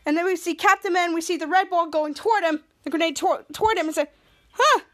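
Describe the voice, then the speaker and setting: A woman with a very high voice hosts a podcast and recaps an episode in a loose, rambling way. She restarts her sentences often and trips over words as she goes. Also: steady tone, fast, fairly bright tone. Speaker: podcast host.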